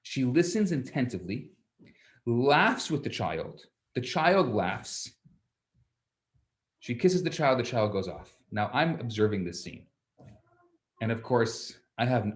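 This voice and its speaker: A man, a rabbi, teaching a class, telling a story with lively asides and frequent restarts. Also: lowish voice. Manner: animated storyteller, acts out children's voices, stammers on restarts. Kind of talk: storytelling lecture.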